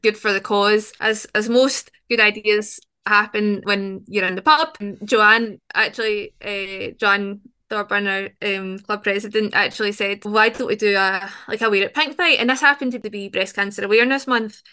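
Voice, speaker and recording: A woman's voice: medium pitch, steady tone, moderate pace, few pauses, bright, forceful tone, smooth. A woman, a podcast guest talking openly and chattily, with frequent restarts. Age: 20s. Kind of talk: conversational interview.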